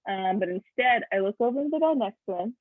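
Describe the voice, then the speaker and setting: A woman's voice: mid-range voice, animated, fast, no room sound, phone-quality sound. A woman telling a true story at an improv comedy show, hesitant, with many ums and uhs. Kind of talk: storytelling monologue.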